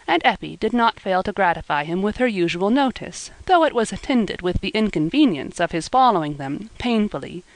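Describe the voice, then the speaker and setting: In a dry recording, a woman with a mid-range voice narrates a classic novel from a script. She is an audiobook narrator with a steady, measured storytelling delivery.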